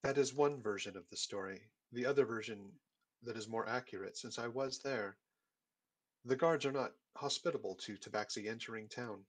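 A man playing an earnest, calm male adventurer in a tabletop game, speaking in a measured way. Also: medium pitch, natural voice.

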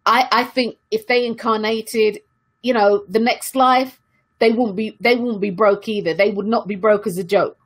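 A woman's voice: mid-range voice, fairly even intonation, moderate pace, slightly rough. A woman giving an earnest motivational talk to her viewers, repeating key questions for emphasis. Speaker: self-help speaker.

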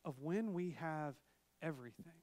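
A male pastor, probably in his thirties, preaching a sermon in a relaxed, conversational way with personal stories and asides. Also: fairly high pitch, moderate pace. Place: church sanctuary, virtual service.

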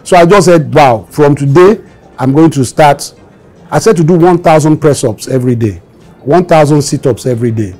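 A Nigerian man in his fifties tells stories from his past in an interview, slipping into the voices of the people he quotes. His voice sits on the high side for a man. Faint music plays beneath him. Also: moderate pace. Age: 22 in 1984, now 50s. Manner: animated storyteller acting out quoted voices. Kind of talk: storytelling interview.

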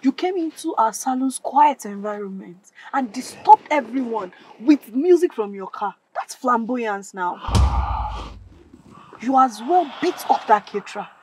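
A woman playing a calm, firm young woman. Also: a little high, a little slow, a little hiss or hum, low-quality recording. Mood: reproachful. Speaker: girlfriend. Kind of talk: film drama acting.

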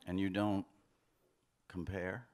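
A man's voice: low-pitched, level tone, darkish tone. A man reading fiction aloud, voicing a brooding husband who hedges and stumbles before he answers. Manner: hesitant, halting, defensive. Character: defensive husband, brooding and evasive. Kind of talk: literary reading, acted dialogue.

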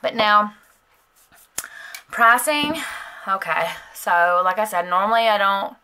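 A woman's voice: mid-range voice, expressive, slow pace, pushed and bright, slight background noise. A woman vlogger chatting casually as she unboxes nail supplies, gushing and rambling with lots of fillers. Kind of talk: casual product unboxing chat.

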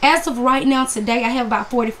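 A woman's voice: a little high, quick pace, fairly bright tone, slight background noise. A woman talking casually to viewers about her craft haul, calling them honey and y'all. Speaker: crafts vlogger. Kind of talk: casual chat to camera.

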